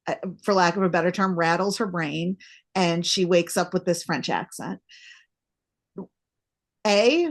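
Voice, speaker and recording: A woman podcast host chatting casually with a guest, animated when she acts out her own reactions. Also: mid-range voice. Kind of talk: casual interview chat.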